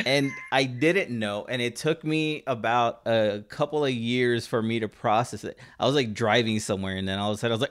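A man from Southern California rambles through a story in casual conversation, halting often with fillers and restarts. His voice is medium-pitched and a bit bright.

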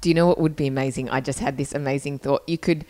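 A woman chatting casually in a hesitant, halting way, often repeating her words. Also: very deep voice, steady tone, darkish tone. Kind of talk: casual chat.

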